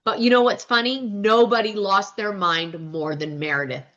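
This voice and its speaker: A woman's voice: medium pitch, fairly even intonation, moderate pace, fairly bright tone, dull audio. A woman hosting a casual pop-culture recap, telling a story scene by scene and acting out the quoted dialogue. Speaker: podcast host.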